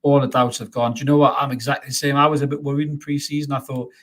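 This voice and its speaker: A fan channel host, an adult father, runs a live post-match stream, reading viewer comments aloud and chatting back in a medium-pitched, racing voice. He's upbeat, calls everyone mate, and stammers and repeats words when excited.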